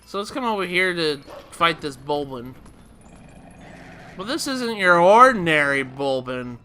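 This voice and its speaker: A man's voice: fairly high pitch, big pitch swings, a little slow, pushed and bright, slight background noise. A man hosting a video game let's play, explaining the game in a rambling, chuckling way with frequent restarts. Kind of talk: casual gameplay commentary.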